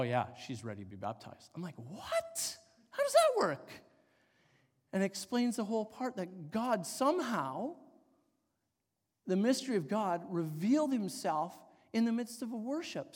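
A middle-aged man preaching a sermon, telling a personal story in an animated, rambling way with many fillers. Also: high-pitched. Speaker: pastor. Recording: long hall reverb.

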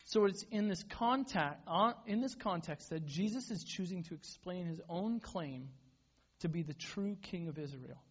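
A pastor preaching in a lively conversational way. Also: male voice, high-pitched, normal speed, slightly rough. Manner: conversational, self-deprecating, repeats and restarts words. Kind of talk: sermon. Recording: dull lo-fi sound.

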